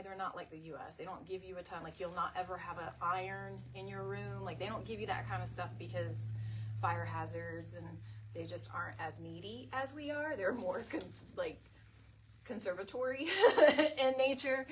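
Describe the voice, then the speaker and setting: A middle-aged woman hosting a casual live craft stream, chatting to viewers by name and laughing often. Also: slight background noise. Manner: animated, jumps to high pitch when retelling stories. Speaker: craft livestream host.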